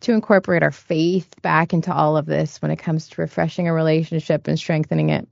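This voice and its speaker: A woman hosting an interview, asking her guest questions in a measured way. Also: low-pitched, fairly even intonation, gravelly, a little mellow, dry recording, highs cut off. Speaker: host.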